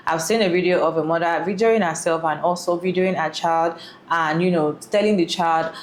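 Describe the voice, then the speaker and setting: Low-voiced woman giving earnest commentary. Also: steady tone, moderate pace, a little hiss or hum. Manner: earnest and repetitive. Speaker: reaction video creator. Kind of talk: casual commentary.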